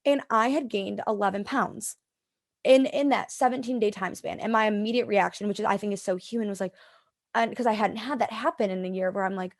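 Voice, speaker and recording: A woman's voice: mid-range voice, steady tone, a little fast. A young woman in her twenties, a podcast guest, chatting casually and filling her talk with "like". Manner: chatty, lots of "like", talks to herself in quotes. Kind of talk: casual interview chat.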